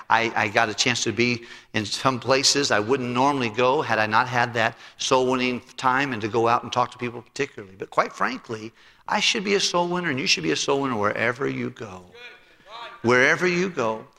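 Gravelly, bright-voiced man preaching. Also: medium pitch. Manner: animated, acts out both sides of a conversation. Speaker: pastor. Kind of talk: sermon storytelling. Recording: long hall reverb.

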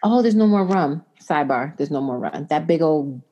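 This young adult woman has a deep voice and a moderate pace. Chatting casually, she recounts a lengthy tale and brings it to life by quoting herself and others in distinct voices.

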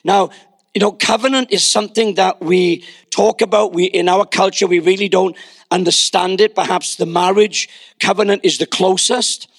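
An older pastor preaches a sermon, telling stories and dropping wry asides, often repeating words as he builds a point. His voice sits high for a man and sounds close and dry, with no room echo. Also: fairly even intonation, moderate pace, gravelly, a bit bright, breathy edge.

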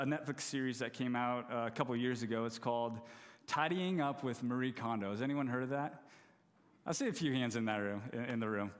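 Storytelling preacher man in a reverberant hall. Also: medium pitch. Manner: self-deprecating, humorous storytelling. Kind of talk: storytelling sermon.

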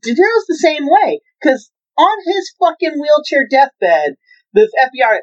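A man's voice: very high voice, measured pace, lo-fi sound. Rambling, profane man chatting about movies. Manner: rambling, profane, animated retellings of scenes. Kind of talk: casual movie chat.

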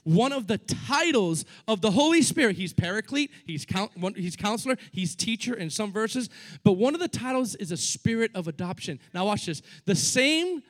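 Middle-aged guy preaching, real high pitched voice, lively, acts out the bible stories. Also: normal speed. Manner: animated, acts out biblical dialogue in casual slang. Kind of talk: sermon.

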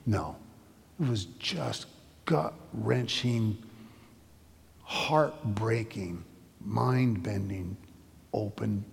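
Husky middle-aged pastor preaching in a reverberant hall. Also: male voice, medium pitch, lively intonation, normal speed, darkish tone. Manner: conversational storytelling with frequent restarts. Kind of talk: sermon.

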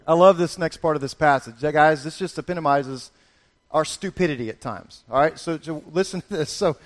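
A middle-aged male pastor preaching a sermon, animated and storytelling, slipping into playful voices for the people in the passage. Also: a little high, brisk.

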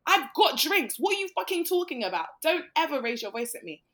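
A woman, co-hosting a podcast and telling a story in casual chat, animated and full of swearing. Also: high-pitched, fairly quick. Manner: animated, swearing, mimics people. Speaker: podcast co-host.

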